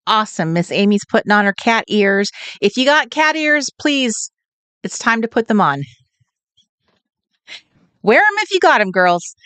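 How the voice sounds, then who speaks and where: A woman's voice: fairly high pitch, big pitch swings, a little slow, pauses often, fairly bright tone, clean tone, no room sound. Giggly, sing-song woman livestream host. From California. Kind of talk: casual livestream chat, greeting viewers. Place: home, at night.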